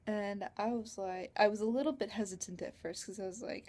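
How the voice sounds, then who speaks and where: Giggly teenage girl with a mellow voice. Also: mid-range voice, steady tone, brisk, hardly any pauses. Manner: chatty and rambling, giggly. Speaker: vlogger. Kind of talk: casual storytelling vlog.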